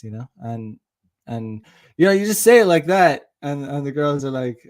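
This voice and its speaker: A man's voice: a little high, animated, normal speed, a little mellow. A young man giving dating advice in a casual, rambling monologue, with many restarts, acting out bits of dialogue.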